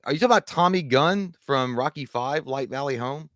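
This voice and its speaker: Fast-talking man co-hosting a stream. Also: medium pitch, animated, fairly bright tone, no echo, clean studio sound. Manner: rambling, blunt and profane. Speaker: co-host. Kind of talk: casual live-stream chat.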